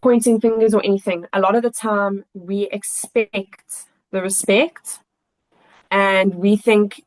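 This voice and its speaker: A woman's voice: mid-range voice, steady tone, a little slow, poor audio. A woman guest on a podcast, a children's coach, speaking earnestly and thoughtfully in casual conversation.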